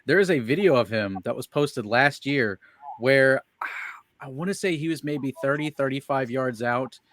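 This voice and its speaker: A man co-hosting a sports podcast, talking in a rambling, halting way. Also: medium pitch, a bit bright, no room sound. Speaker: co-host. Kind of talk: casual sports chat.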